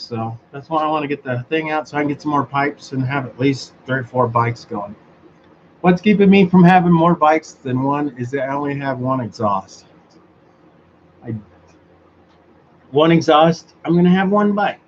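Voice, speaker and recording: A medium-pitched man hosts a motorized bicycle talk show, chatting casually on his own. He's sarcastic, laughs often and swears freely, and the lo-fi recording sounds dull, with faint background noise.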